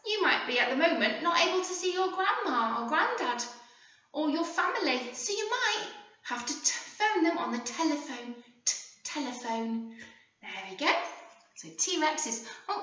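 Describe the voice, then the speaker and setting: English woman, infant teacher, sing-song phonics lesson; slow, swooping delivery, dull roomy recording. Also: very high voice. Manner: animated, sing-song, slow and clear with frequent gasps. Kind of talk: phonics lesson for young children. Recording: echoey room, voice from a distance, dull sound.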